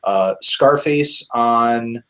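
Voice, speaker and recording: A man's voice: mid-range voice, drawn-out words, bright, forceful tone. A man hosting a casual album review discussion, thinking aloud with frequent fillers and restarts. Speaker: music reviewer, host.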